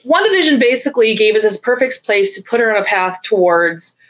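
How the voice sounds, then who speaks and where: A woman's voice: on the high side, lively intonation, a little fast, fairly bright tone. A woman in a casual podcast chat, critiquing passionately and acting out quoted lines.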